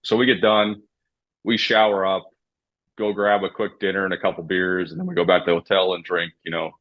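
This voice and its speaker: Husky low-voiced man telling stories. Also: lo-fi sound. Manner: profane, animated anecdotes. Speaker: former hockey referee, guest. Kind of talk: casual storytelling.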